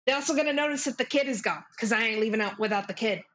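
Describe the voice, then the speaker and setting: A woman's voice: a little high, very fast, a bit bright, close to an everyday voice. A woman voicing a tough, foul-mouthed female bullywug prisoner with a Boston accent. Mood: brash, bitter. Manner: brash, swearing.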